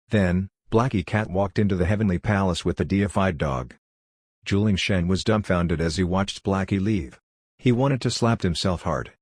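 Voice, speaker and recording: A man narrating an audiobook in a steady, plain way. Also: deep voice, moderate pace, husky, no echo, studio quality. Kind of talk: scripted narration.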